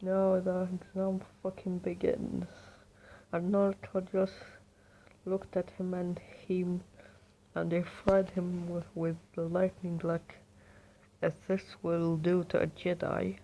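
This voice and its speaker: A woman narrating a homemade fan story in a rambling, profane way. Her voice is low and gravelly, and she speaks slowly with many restarts. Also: completely flat delivery, mellow.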